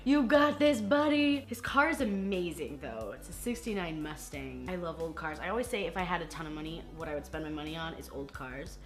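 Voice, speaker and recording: A woman hosting a casual movie recap vlog, talking in an animated, gushing way with laughter and some cursing. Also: deep voice, brisk, hardly any pauses, music in the background. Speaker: vlog host reviewing movies.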